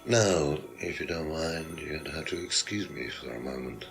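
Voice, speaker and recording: A man's voice: rumbling low, expressive, moderate pace, soft background music. An actor playing a condescending, evasive male teacher under suspicion, speaking in a video game. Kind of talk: full-motion video game acting.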